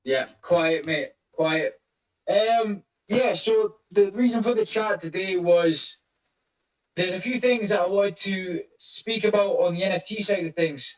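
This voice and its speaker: A man's voice: high voice, measured pace, reverberant, far from the mic, low-quality recording. Rambling, cursing man hosting a voice chat. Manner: rambling, swears a lot, greets listeners by name. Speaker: crypto project lead hosting a community voice chat. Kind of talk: casual chat.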